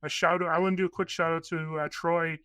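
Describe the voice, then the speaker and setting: An excitable man rambles through one story after another on a podcast, slipping into the voices of the people he quotes. His voice sits a little high with a bright, forceful edge, and the sound is dry and close. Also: quick pace, clean tone, no room sound. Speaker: podcast guest, documentary filmmaker. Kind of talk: casual interview storytelling.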